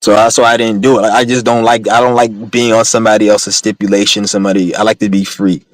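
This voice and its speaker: A man's voice: on the low side, level tone, fast, no room sound, low-quality recording. A young man in a casual, profane, rambling rant, speaking bluntly to his viewers. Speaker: vlogger.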